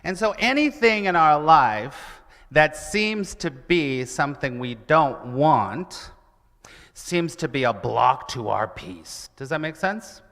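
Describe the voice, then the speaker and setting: A man giving a lively sermon-style talk at a church, telling stories and asking his audience questions. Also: a little high, slow. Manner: animated, asks the audience questions. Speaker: church speaker. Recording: church hall with long reverb.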